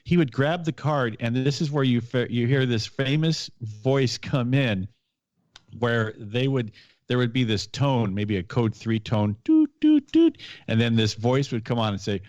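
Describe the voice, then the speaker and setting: A middle-aged man hosting a podcast, recounting his old police work in close detail and restarting his sentences often. His pitch is average for a man. The recording is dry and a little dull. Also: unhurried, a little mellow, dry recording. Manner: detailed, recollecting, frequent restarts. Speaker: podcast host, former police officer. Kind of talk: casual storytelling chat.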